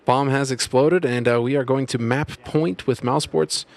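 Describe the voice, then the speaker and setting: A male co-caster breaking down a match in an easygoing, chatty way. His voice sits at an ordinary middle pitch. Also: steady tone, moderate pace, creaky. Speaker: esports co-caster. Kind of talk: live color commentary.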